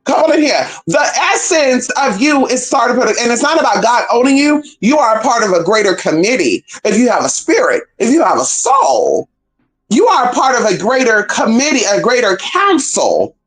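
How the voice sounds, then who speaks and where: A spiritual teacher preaching on a stream, full of cursing and shouted call-outs, who slows down to read scripture aloud. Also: big pitch swings. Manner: call-and-response exclamations, heavy cursing, swoops between high cries and low asides; reads scripture slowly and drawn out. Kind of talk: freewheeling profane preaching.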